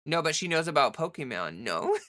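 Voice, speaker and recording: Bright-voiced chatty woman livestreamer. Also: deep voice, big pitch swings, normal speed. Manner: chatty, heavy on "like" fillers, reads and answers chat. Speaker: livestream host. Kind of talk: casual livestream chat.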